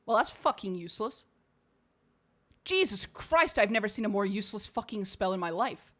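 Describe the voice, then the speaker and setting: A woman's voice: medium pitch, animated, moderate pace, a bit bright. A Portuguese-born woman whose English accent drifts between British and American. She streams games, reads game text aloud and comments in a rambling, profane way. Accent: mixed British and American English. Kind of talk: casual gaming stream commentary.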